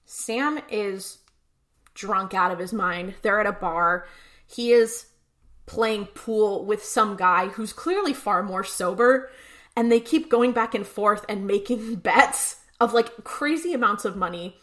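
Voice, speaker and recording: Bright-voiced woman recapping a show. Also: mid-range voice, slow. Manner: chatty storyteller, acts out characters' lines. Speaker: podcast co-host. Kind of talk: casual episode recap.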